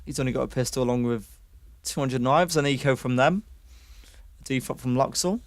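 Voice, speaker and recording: A man's voice: mid-range voice, a little fast, dry recording. A man from the UK casting an online esports match with play-by-play commentary, rising sharply on kills and chatting with stream viewers between rounds. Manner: excitable, jumps up on kills, chats with stream viewers. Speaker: esports caster.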